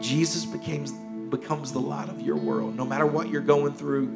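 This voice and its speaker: A man's voice: a little high, steady tone, moderate pace, creaky, over loud music. Impassioned male pastor preaching. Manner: impassioned preaching, repeats key phrases, swings from urgent to hushed. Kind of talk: sermon. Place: church sanctuary.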